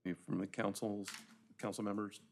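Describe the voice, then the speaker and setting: A man's voice: on the low side, level tone, a little fast, gravelly, slight background noise. A man chairing a town council meeting, running items in a procedural, somewhat hesitant way.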